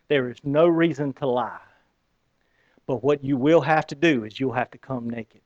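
A man with a Southern accent preaching a sermon, telling a story with lively acted-out scenes. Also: on the high side, no room sound, lo-fi sound. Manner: animated storytelling, acting out scenes. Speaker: pastor.

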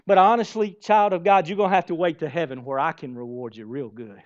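Male pastor, fairly high voice, emphatic sermon delivery, dull lo-fi recording. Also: fast, hardly any pauses. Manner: emphatic, storytelling with repeated phrases and restarts.

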